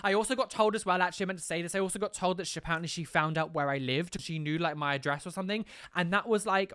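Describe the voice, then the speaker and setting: A man's voice: on the high side, fast, pushed and bright, smooth, no echo, studio quality. A man talking candidly to camera as a YouTuber, exasperated and swearing freely in casual chat.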